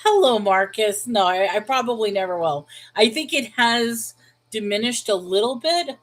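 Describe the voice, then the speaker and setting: A woman's voice: a little high, lively intonation, moderate pace, poor audio. Woman, New York accent, livestream host; casual and conversational, reacting to viewer comments as she goes. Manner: talks things through out loud, reacting to viewer comments. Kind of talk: casual live-chat reply.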